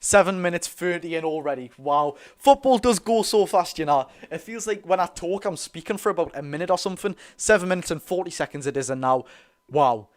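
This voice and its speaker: A man with a Geordie accent giving excited, rapid live football commentary as host of a fan watch-along, cheering his side on. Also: a little high. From North East England. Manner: talks very fast; animated, cheers players on.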